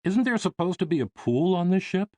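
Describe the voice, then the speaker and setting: A man's voice: high-pitched, big pitch swings, brisk, a little mellow, dry recording, voice pushed up. A man voicing an eager, curious seventeen-year-old boy aboard a liner.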